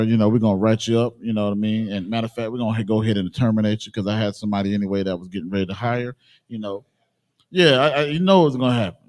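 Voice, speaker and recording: A man leading a religious class, talking in an animated, emphatic way and acting out the voices he quotes. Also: mid-range voice. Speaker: class leader. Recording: live-streamed group class.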